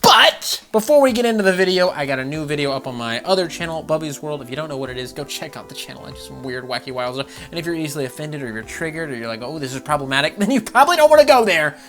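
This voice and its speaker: A man hosting a gaming channel, ranting about game news with swearing and laughter, jumping from loud outbursts to low mutters. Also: quick pace, hardly any pauses, soft background music. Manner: animated, profane, laughing, swings between loud outbursts and mutters.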